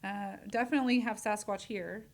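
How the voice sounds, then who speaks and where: A woman's voice: mid-range voice, fairly even intonation, fairly quick. A woman hosting a community radio talk show in a studio, chatting casually, rambling and correcting herself as she goes.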